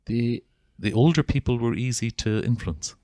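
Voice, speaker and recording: A man's voice: mid-range voice, normal speed, dry recording. A man from Northern Ireland with a Northern Irish accent, a Gestalt psychotherapist telling stories earnestly as an interview guest. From Northern Ireland (Armagh). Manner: earnest, persuasive, animated storyteller. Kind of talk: conversational storytelling.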